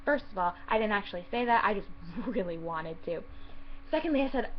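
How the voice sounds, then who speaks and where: A woman's voice: medium pitch, animated, fast talker. A young woman telling a story about her worst night as a waitress in a chatty, exasperated vlog style, swearing and acting out what people said. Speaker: vlogger telling a work story. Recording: slightly dull lo-fi audio with faint hiss.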